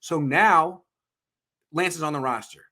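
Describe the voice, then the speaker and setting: A man in his thirties hosting a sports talk show, a bit higher-pitched than most men. He rants with profane, emphatic bursts and pushes every point hard in heated sports debate. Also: measured pace, pushed and bright. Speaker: sports podcast host.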